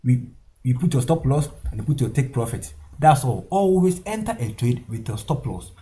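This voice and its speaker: A man's voice: mid-range voice, very animated, moderate pace, mellow, a little hiss or hum. A man teaching a trading lesson over a chart, repeating his points with emphasis and tagging lines with "okay?" and "guys". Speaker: forex trading instructor. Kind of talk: screen-share trading tutorial.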